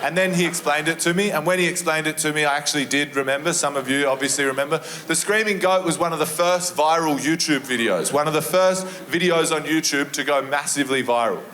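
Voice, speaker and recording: A man's voice: a little high, fast, few pauses, a bit bright. An Australian man of about thirty telling a rambling story in a stand-up set. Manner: laid-back, rambling storytelling. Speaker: stand-up comedian. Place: comedy club stage.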